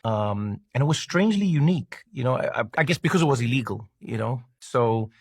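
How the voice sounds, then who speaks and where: A man's voice: medium pitch, lively intonation, a little fast, no echo, studio quality. A South African man recalling his childhood in an interview, thoughtful and hesitant, with many fillers and restarts. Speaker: interview guest. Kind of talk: reflective interview talk.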